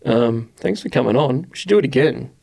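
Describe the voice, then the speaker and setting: A young Australian man hosting a casual podcast chat, swearing freely and acting out the people in his stories with lively, animated delivery. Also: medium pitch, fairly quick, vocal fry. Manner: swearing, animated storyteller who acts out voices. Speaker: podcast host.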